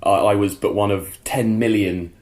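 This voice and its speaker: A man's voice: fairly low pitch, steady tone, moderate pace, darkish tone. Self-mocking English man hosting a podcast. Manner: self-mocking, jokey storyteller. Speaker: podcast co-host. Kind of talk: casual chat.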